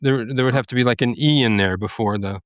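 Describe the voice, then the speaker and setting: A man's voice: mid-range voice, fast, no echo, clean studio sound. A man co-hosting a podcast, patiently explaining details in a casual, slightly pedantic way. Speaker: podcast co-host. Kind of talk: casual chat.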